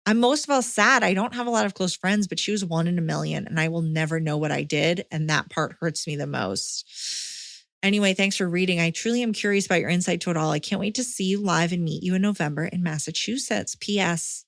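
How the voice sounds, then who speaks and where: A woman's voice: lowish voice, fairly quick, gravelly, dry recording, studio quality. Sex: woman. Role: podcast host, reading a listener letter. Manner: expressive reading, breaks in with blunt, swearing reactions. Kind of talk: reading a listener letter aloud, with casual asides.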